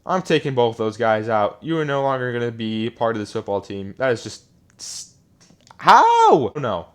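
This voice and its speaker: A young man giving live commentary while playing a football video game, often frustrated, muttering low one moment and yelling the next. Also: huge pitch swings, moderate pace, clean tone. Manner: frustrated, ranting, swings between muttering and yelling. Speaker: gaming YouTuber. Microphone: desk microphone.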